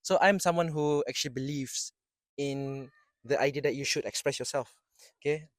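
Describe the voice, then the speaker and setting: A man's voice: mid-range voice, moderate pace, dry recording. A young man from Terengganu with a Malaysian English accent, co-hosting a casual campus chat, joking and self-deprecating with many restarts. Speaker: podcast co-host, university student.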